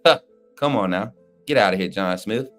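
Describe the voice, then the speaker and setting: A man's voice: fairly low pitch, expressive, moderate pace, a bit bright, faint music behind. A man co-hosting a livestream, talking sports in a fired-up, slangy, trash-talking way while reading chat. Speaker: livestream co-host. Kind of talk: casual fired-up sports talk.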